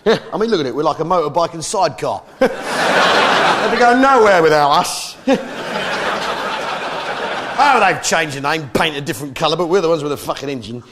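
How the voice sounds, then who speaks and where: A man's voice: on the high side, lively intonation, moderate pace, pauses often. An Englishman doing sweary, mock-patriotic stand-up comedy, with audience laughter behind him. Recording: live show with crowd noise.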